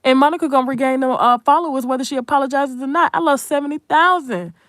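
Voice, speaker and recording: A woman's voice: sits high, fast, a bit bright, dry recording, clean studio sound. A woman, hosting an unscripted commentary monologue in a blunt, profane, emphatic way and talking straight to viewers. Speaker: commentary channel host.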